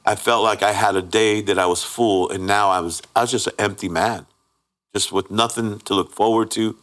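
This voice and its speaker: Man, fairly low voice, candid personal testimony, plain-spoken, acts out quoted voices, guest on a talk show. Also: fairly even intonation, moderate pace, a bit bright. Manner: earnest storyteller who acts out the quoted voices; plain-spoken with frequent restarts and 'right?'. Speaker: guest telling his life story.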